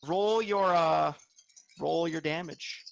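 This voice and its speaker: A man's voice: on the high side, takes it slowly, vocal fry, a little hiss or hum. A man running a tabletop game as game master, describing monsters with stammers and restarts.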